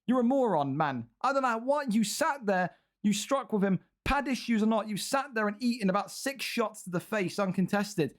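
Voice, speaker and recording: Brief: young male commentator, higher-pitched voice, blunt, profane, exasperated live game-fight calls. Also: lively intonation, normal speed, few pauses, fairly bright tone. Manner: blunt, swearing, exasperated rants. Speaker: commentator and league host. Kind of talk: excitable esports fight commentary.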